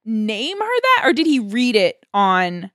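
A woman's voice: on the high side, big pitch swings, measured pace, a bit bright, no room sound, studio quality. A woman co-hosting a casual book discussion, asking questions and making wry jokes.

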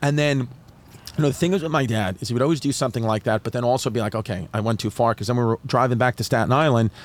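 Talking very fast in a mid-range voice, a comedian from New York shares a story on someone else's podcast. He swears freely, stays animated, and mimics the voices of the people he quotes.

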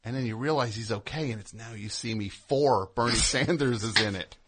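A man's voice: mid-range voice, fairly quick, background noise. A man hosting a call-in comedy radio show, bantering casually and slipping into exaggerated impressions. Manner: animated, jokey, slips into exaggerated impressions.

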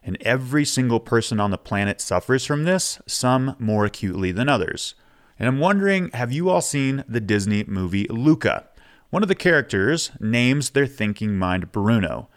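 A man's voice: mid-range voice, very animated, moderate pace. A man hosting a podcast, talking frankly and casually, with some swearing. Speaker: podcast host. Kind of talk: candid podcast monologue.

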